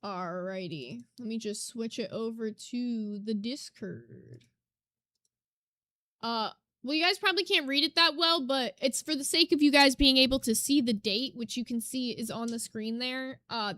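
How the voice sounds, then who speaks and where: A woman's voice: fairly high pitch, bright, forceful tone, no room sound. A woman streamer talking casually to her chat while reacting to clips. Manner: chatty, reads chat aloud. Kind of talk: casual livestream commentary.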